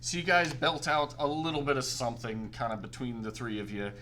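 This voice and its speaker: A man's voice: mid-range voice, a little fast, slight background noise. A man narrating a tabletop game as game master, laughing often and belting out other voices. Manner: animated, laughing, belts out voices.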